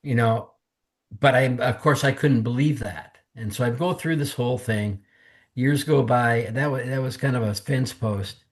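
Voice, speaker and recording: In conversation on a podcast, a man recounts his testimony earnestly and candidly, imitating the words others said to him. His mid-range voice moves at a normal speed, and he is emotional and close to tears.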